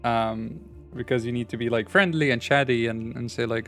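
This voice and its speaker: A man's voice: medium pitch, normal speed, a bit bright, soft background music. A man with a non-American accent streaming a game, chatting in a rambling, wry way, full of restarts and fillers. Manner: wry, laughs at his own jokes. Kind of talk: casual gameplay chat.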